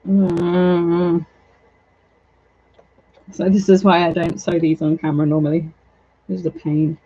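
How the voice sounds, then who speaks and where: A woman's voice: fairly low pitch, level tone, a little slow, mellow, highs cut off. A woman chatting in a rambling, self-deprecating way while working on a craft project at home. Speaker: doll maker. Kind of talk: casual vlog chat while crafting.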